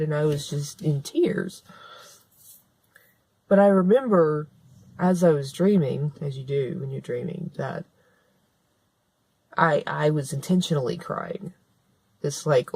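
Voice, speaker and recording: A woman's voice: low-pitched, takes it slowly, long pauses, darkish tone, husky. A woman talking straight to camera in a vlog monologue, earnest and conversational, who restarts her sentences and repeats her points for emphasis. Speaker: author and vlogger. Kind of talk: spoken-word vlog monologue.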